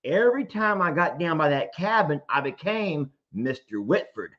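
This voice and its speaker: A man hosting a casual live show, telling stories in an animated way, often laughing. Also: on the high side, normal speed. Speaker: host. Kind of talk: casual livestream chat. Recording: dull lo-fi stream audio.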